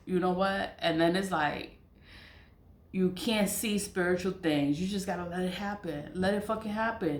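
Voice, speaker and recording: A woman talking in a casual, unscripted monologue as a spiritual vlogger. She is blunt and profane, repeats phrases for emphasis, and mocks others in high, exaggerated voices. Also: normal speed. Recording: echoey room.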